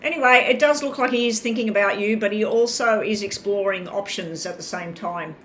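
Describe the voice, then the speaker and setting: A woman's voice: medium pitch, brisk, slight background noise. A woman giving live tarot readings, talking in a chatty, rambling way and addressing viewers by name. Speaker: tarot reader.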